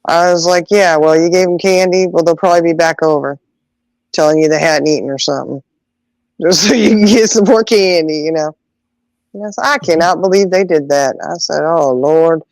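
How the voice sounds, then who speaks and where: A woman's voice: lowish voice, no room sound, poor audio. A middle-aged woman telling stories in casual chat, laughing often and acting out voices in the quotes. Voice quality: animated, acts out voices in quotes. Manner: laughs often, drawn-out exclamations. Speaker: podcast host.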